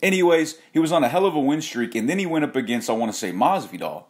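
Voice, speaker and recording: A man's voice: a little high, big pitch swings, quick pace. A man hosting a casual rant vlog, talking in a rambling, profane way with frequent restarts and self-corrections. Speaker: host.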